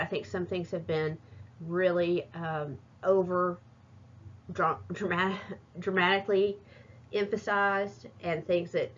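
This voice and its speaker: A fairly low-voiced woman talks through a class presentation, hesitating often and stopping to restart. The recording is muffled and lo-fi. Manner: hesitant, many fillers and restarts. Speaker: student presenter.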